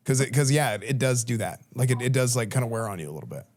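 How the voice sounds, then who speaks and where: A man's voice: mid-range voice, expressive, very fast, darkish tone. A young man from Texas, a streamer talking casually to a school class and answering questions in an informal, chatty way full of restarts. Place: classroom, indoors.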